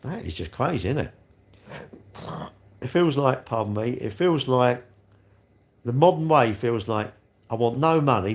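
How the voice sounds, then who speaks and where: Chatty man on a live stream. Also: mid-range voice. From London. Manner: chatty, rambling, tag questions, calls viewers mate. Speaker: livestream host. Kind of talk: casual live chat reading comments.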